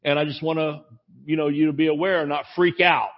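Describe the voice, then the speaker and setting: A man's voice: on the high side, level tone, fairly quick, lo-fi sound, close to an everyday voice. A man quoting a fretful church secretary. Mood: cautioning.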